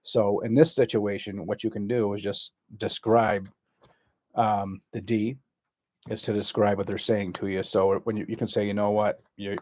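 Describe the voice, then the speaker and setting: Low-voiced therapist guy explaining stuff, lots of ums and restarts, dry sound. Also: level tone, a little mellow, dry recording. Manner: halting, full of fillers and restarts. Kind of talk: explaining a communication skill.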